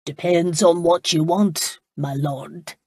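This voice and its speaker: Woman plays a careful, plain-spoken innkeeper; slow, low and husky. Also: fairly even intonation, darkish tone, no echo, studio quality, exaggerated voice. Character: wary, plain-spoken Scottish innkeeper man. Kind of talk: audiobook character voice.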